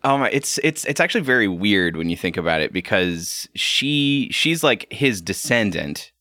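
Animated guy on a podcast, bright voice, all over the place pitchwise, dry close mic. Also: normal speed, dry recording. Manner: animated, laughing, swears, acts out lines. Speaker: podcast co-host. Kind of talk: casual chat recapping a show.

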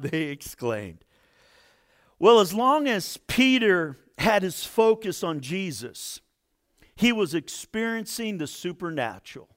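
A man preaching a sermon, retelling a Bible story and explaining it. He lifts his voice to stress a point and drops to a near hush. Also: slow pace. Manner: expressive, rises for emphasis and drops low to a hush. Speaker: pastor.

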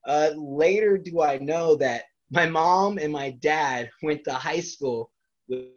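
A man's voice: a little high, slow pace. A man as a wrestler guest in an interview, telling rambling stories in a casual way and laughing often between them. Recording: dull lo-fi recording.

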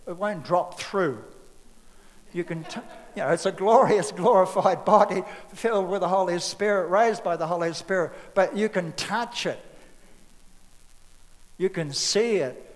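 A man's voice: high voice, big-room sound, poor audio. A man preaching a sermon in a loose, conversational way, acting out bits of scripture dialogue.

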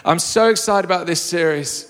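Enthusiastic pastor in a reverberant hall. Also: male voice, high-pitched, moderate pace, a bit bright, clean tone. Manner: enthusiastic, jokey storyteller. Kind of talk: live sermon. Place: church hall with a live congregation. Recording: long reverb of a large hall.

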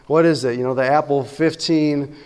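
A man's voice: on the high side, steady tone, normal speed, darkish tone, smooth, in a large hall. A man preaching a sermon as pastor, talking conversationally and often asking his listeners "right?".

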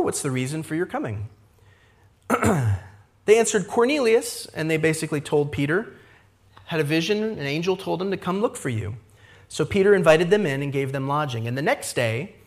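A pastor delivers a Sunday sermon in a fairly high, very animated voice that leaps up and down as he tells the story. He explains the text conversationally, tossing in quick asides and short acted-out lines for the characters. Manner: lively expository preaching, frequent asides with "right?".

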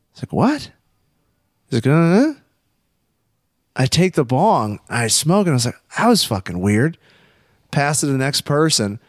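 Man, young adult, casual storytelling, animated, profane, dry sound. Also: medium pitch, no room sound. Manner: animated, swears often, acts out quotes.

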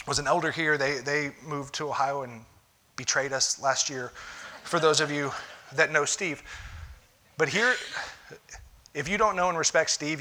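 A pastor in church delivers a conversational sermon with a bright, ringing tone. He speaks emphatically and keeps driving his points home with "listen". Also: mid-range voice.

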